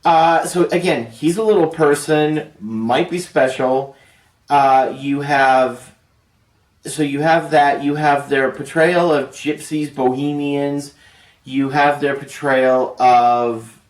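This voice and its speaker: A man giving a casual, rambling spoken movie review, full of fillers and restarts. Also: mid-range voice. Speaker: film reviewer. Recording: roomy echo, distant from mic.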